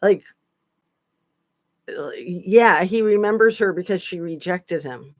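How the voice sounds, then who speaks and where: A woman's voice: lowish voice, slow pace, no echo. A woman hosting a casual live-stream chat, chatty with sarcastic asides. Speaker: channel host.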